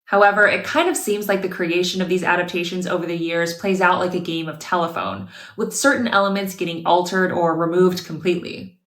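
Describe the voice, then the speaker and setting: A woman's voice: lowish voice, steady tone, brisk, fairly bright tone. Wry woman narrating a review, roomy sound. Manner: wry, sarcastic asides. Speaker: video essayist. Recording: roomy echo.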